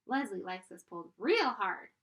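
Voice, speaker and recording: A woman voicing a pushy little talking pigtail that coaxes and whines in a squeaky voice. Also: big pitch swings, normal speed, fairly bright tone. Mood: coaxing. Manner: coaxing, whiny, squeaky.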